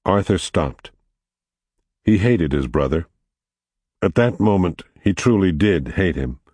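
A man with a very low voice reads a story aloud in a measured, steady way. His tone moves a lot, and the sound is dry and close, with no room in it. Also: husky, dry recording. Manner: measured, steady, quietly dramatic. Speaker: narrator. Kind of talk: audiobook narration.

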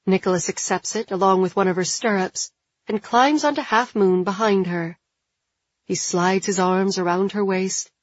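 A woman reading an audiobook in a measured, even narration. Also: mid-range voice, no echo. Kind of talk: scripted narration. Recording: dull, dry studio sound.

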